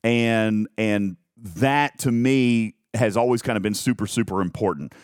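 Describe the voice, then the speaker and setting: A man hosting a live stream, talking in a rambling, self-mocking way with lots of halting restarts. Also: fairly low pitch, smooth, no room sound, clean studio sound. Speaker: host of a live game talk stream. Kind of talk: casual live-stream chat.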